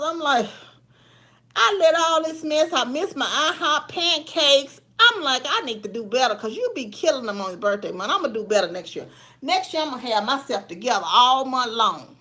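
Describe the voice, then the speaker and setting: A woman's voice: high-pitched, lively intonation, a little fast, pushed and bright. A middle-aged woman hosting a casual livestream, chatting folksily with viewers and laughing often. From Memphis area, USA. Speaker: livestream host. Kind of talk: casual live chat with viewers.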